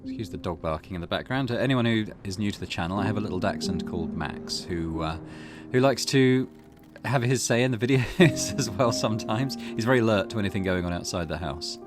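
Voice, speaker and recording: Relaxed man chatting over game music. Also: on the low side, fairly quick, hardly any pauses. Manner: relaxed, thinking aloud with many fillers. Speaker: gaming channel host. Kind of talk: let's play commentary. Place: home.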